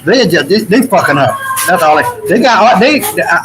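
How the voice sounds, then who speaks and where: A man's voice: sits high, big pitch swings, normal speed, background noise. A man from the Dominican Republic in a casual, rambling talk-show chat, swearing freely and restarting his sentences often. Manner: loose, profane, rambling with many restarts.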